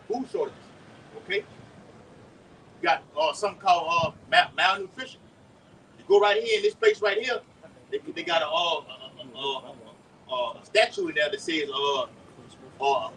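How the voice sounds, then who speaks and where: A man preaching live outdoors and leading the teaching, with a lively, repetitive delivery, calling on others to read verses. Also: high voice, normal speed, long pauses. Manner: animated, repeats words, calls for scriptures. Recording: distant mic with faint street noise.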